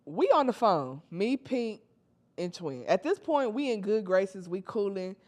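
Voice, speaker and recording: A young woman telling a casual storytime, slangy and animated, acting out her friends' lines. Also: mid-range voice, unhurried. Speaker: storytime vlogger.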